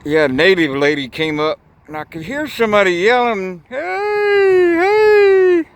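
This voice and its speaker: A man's voice: fairly high pitch, lively intonation, brisk, a bit bright, clean tone. A man vlogging outdoors beside railroad tracks, rambling in a folksy way and swearing casually, recorded on a handheld camera mic. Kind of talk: casual outdoor vlog narration.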